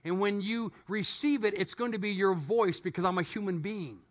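A middle-aged male pastor preaching a sermon in a church, telling stories with animated energy and joking asides. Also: sits high, normal speed.

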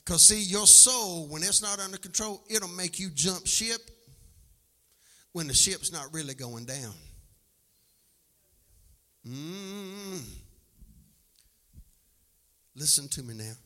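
A man preaching a sermon as pastor, alternating a shouting, sing-song cadence with plain storytelling. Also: sits high, slow pace, long pauses. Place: church sanctuary. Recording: long hall reverb from a live church service.

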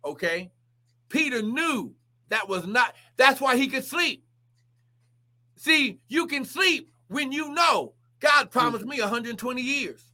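A male preacher delivers a livestreamed sermon with a high, bright, forceful voice. He preaches fervently, breaking into exclamations and repeating key phrases. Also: lively intonation, slow.

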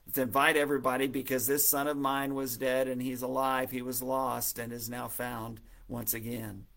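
A man's voice: medium pitch, level tone, normal speed, gravelly, a bit bright. A man doing a joyful loving old father. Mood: jubilant. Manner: exuberant, generous. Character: loving, joyful older father welcoming his son.

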